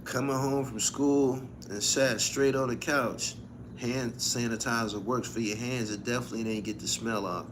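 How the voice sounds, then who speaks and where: A man's voice: medium pitch, fairly even intonation, normal speed, background noise. A man hosting his own channel, chatting casually and profanely, laughing often as he tells stories. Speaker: channel host. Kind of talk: casual livestream chat.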